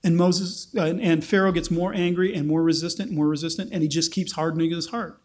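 Male preacher, higher register, conversational sermon delivery. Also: steady tone, a little fast. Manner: conversational, explanatory, acts out quotes. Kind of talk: sermon, Bible teaching.

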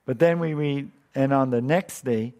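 A pastor giving a casual, conversational sermon, thinking aloud and often chuckling. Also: male voice, medium pitch, measured pace, warm tone.

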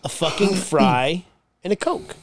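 Lively, profane podcast co-host. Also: male voice, high-pitched, unhurried, noisy background. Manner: profane, laughs loudly and often, teasing. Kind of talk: casual chat.

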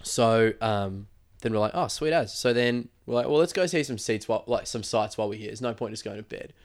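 A man, somewhat low in pitch, spins a long anecdote in loose, casual podcast chat. He rambles with plenty of fillers and slips into quoted lines as he goes. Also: a little fast. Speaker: podcast host telling a story.

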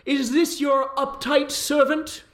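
A man voicing a haughty, vain male noble mage who is quick to rage, in a pompous, theatrical way. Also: very high-pitched, flat delivery, a bit bright, voice pushed up, full character voice.

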